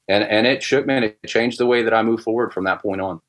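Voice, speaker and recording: A middle-aged man telling a personal story in casual podcast talk, halting with many restarts and fillers. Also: lowish voice, a bit bright. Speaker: guest musician.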